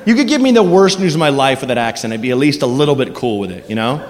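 A man doing an animated stand-up comedy set in a club, acting out silly voices. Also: mid-range voice, quick pace. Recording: live club recording with hall reverb and noise. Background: audience laughter.

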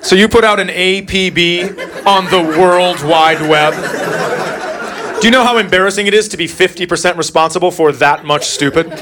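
A middle-aged man performs stand-up with a wry, exasperated dad's voice pitched a little high. The live recording carries loud noise and audience laughter around him. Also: normal speed, over a noisy crowd. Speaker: stand-up comedian. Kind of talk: stand-up storytelling to a live crowd.

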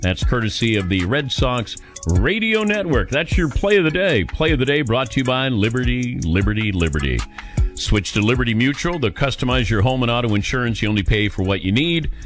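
A man hosting a sports talk show, reading highlights and ads in a smooth broadcaster delivery with dry humor. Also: very animated, brisk, a bit bright, faint music behind.

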